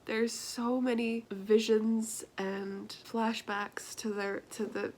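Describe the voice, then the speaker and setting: A young woman chatting casually in a book vlog, stuffy-nosed from crying, emotional and laughing often, sometimes dropping to a soft whisper. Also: on the high side, little pitch movement, slow, a little hiss or hum. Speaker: book vlogger.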